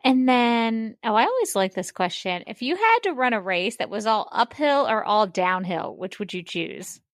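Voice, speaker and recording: A woman's voice: fairly high pitch, sing-song, moderate pace, no echo, studio quality. A woman co-hosting a podcast, enthusiastic and giggly in casual chat. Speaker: podcast co-host. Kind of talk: casual conversation.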